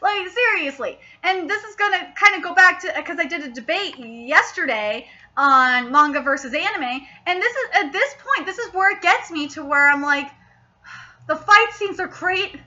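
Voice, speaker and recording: A young woman hosting a casual anime review, excitable and swearing freely as she rants in frustration. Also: extremely high pitch, normal speed, muffled recording. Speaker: anime reviewer, channel host.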